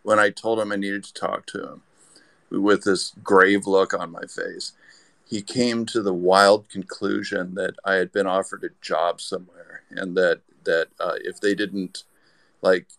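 A man's voice: low-pitched, flat delivery, a little slow, gravelly, fairly bright tone, dry recording. A man telling a rambling anecdote as a podcast guest, with lots of restarts. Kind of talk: casual storytelling.

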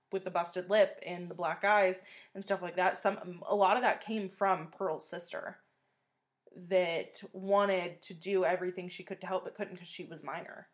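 A woman co-hosting a true-crime podcast in casual chat, animated and swearing often as she recounts details of a case. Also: lowish voice. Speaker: podcast co-host.

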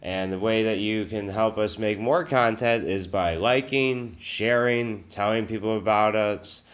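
A man's voice: lowish voice, measured pace. A man hosting a comedy podcast, talking casually in a crude, rambling, self-mocking way. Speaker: podcast host.

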